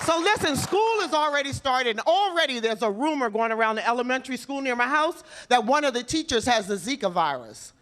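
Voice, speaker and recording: A woman doing a stand-up comedy set on a club stage, telling brash, animated stories with attitude. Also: sits high, a little fast, hardly any pauses. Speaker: stand-up comic. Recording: live club with loud crowd laughter.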